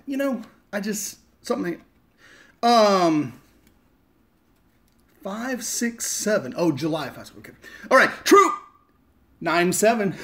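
A man's voice: high-pitched, pushed and bright. A man chatting casually and profanely on a live stream, joking and rambling as he opens fan mail at home. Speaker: vlogger opening fan mail. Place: home in Las Vegas.

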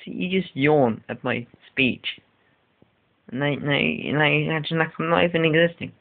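A man's voice: on the high side, moderate pace, vocal fry. Whiny rambling teenage boy vlogger. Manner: whiny, rambling, exaggerated complaining. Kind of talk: casual home vlog. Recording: tinny lo-fi with faint hiss.

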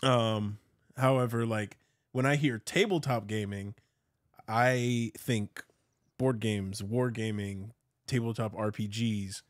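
A man's voice: on the low side, steady tone, takes it slowly, no echo, clean studio sound. A man co-hosting a casual podcast, explaining his views at length with restarts and easy laughter. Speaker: podcast co-host. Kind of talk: casual chat.

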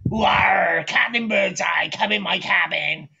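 A man voicing a sinister old sea captain who lures children, calling out in a booming shout. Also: gravelly, background noise, heavily acted. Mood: menacing. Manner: shouted, drawn-out booming calls. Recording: dull lo-fi sound.

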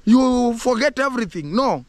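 A man with a Kenyan accent vlogging outdoors in a village, talking excitedly and rambling, mixing English and Swahili and laughing often. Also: very high voice, moderate pace, no room sound. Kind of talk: casual vlog talk to camera.

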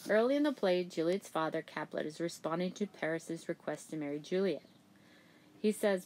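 A woman's voice: lowish voice, moderate pace, a little mellow, slight background noise, rough recording. A woman teacher talking through a reading assignment casually, with lots of "okay" and "um" as she paraphrases. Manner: plain, chatty paraphrasing with many "okay" and "um" fillers. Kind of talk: casual classroom explanation.

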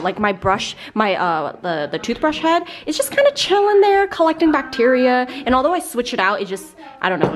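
A young woman chatting casually to the camera in a home vlog, telling stories in an animated way. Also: mid-range voice, slight background noise. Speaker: vlogger.

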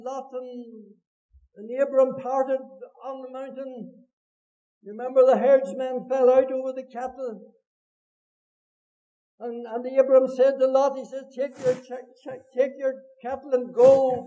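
Northern irish pastor preaching in church, really high voice, dark mellow tone, gets loud then drops real quiet. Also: male voice, little pitch movement, measured pace, low-quality recording. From Northern Ireland. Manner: impassioned preaching, swings between loud cries and hushed low lines. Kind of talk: sermon. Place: church meeting hall.

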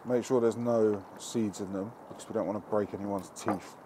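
A man's voice: on the low side, fairly even intonation, normal speed, background noise. A man hosting a cooking show, talking casually and cheekily to camera with plenty of swearing, cooking at an outdoor barbecue.

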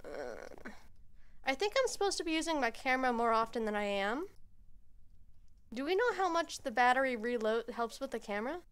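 A young woman streamer giving quiet, nervous, rambling let's-play commentary at home into a headset mic. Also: a little high, very animated, moderate pace, smooth.

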